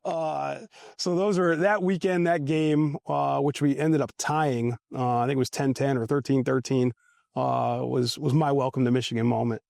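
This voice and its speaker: A man reminisces about his days as a team equipment manager, wandering through anecdotes with restarts and chuckles at himself. His voice sits at a middle pitch. The sound is dry and close. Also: fairly even intonation, moderate pace, vocal fry, a little mellow, no echo. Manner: rambling, self-amused anecdotes with restarts. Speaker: former football equipment manager. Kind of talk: casual storytelling interview. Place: outdoors at a golf event.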